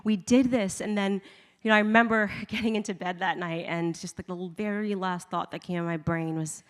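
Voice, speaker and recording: A woman from the United States giving a chatty personal faith testimony, full of "like" and quick laughs between lines. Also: mid-range voice, fairly even intonation, in a large hall. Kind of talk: personal storytelling talk.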